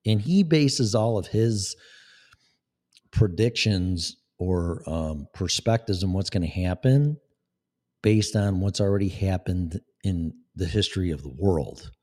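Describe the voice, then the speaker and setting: A man's voice: sits low, animated, slow, warm tone. A man delivering a profane, sarcastic political rant as a vlogger. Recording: long echoing reverb.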